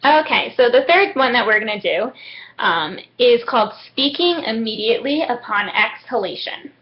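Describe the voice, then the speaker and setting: A young woman calmly explaining speech therapy techniques step by step, with frequent "um"s. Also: fairly high pitch, normal speed. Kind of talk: instructional demonstration. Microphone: webcam. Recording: muffled webcam audio.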